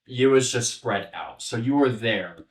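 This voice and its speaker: A man co-hosting a casual film podcast, laughing often and talking in halting restarts. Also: mid-range voice. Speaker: podcast co-host and filmmaker. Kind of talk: casual chat. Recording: echoey room, distant mic.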